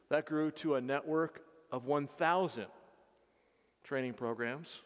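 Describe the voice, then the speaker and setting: A man who leads mission work, telling his story to a congregation earnestly, with halting restarts. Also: medium pitch. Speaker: mission leader. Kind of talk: testimony to a congregation. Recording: reverberant hall.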